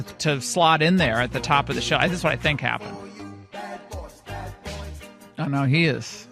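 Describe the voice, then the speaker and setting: A woman's voice: fairly low pitch, fairly bright tone, no room sound, clean studio sound. A woman hosting a talk radio show, talking casually and emphatically in an opinionated monologue with frequent restarts and asides.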